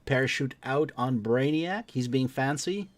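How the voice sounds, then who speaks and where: A man's voice: medium pitch, unhurried. A man hosting a live stream, giving upbeat play-by-play commentary with joking banter.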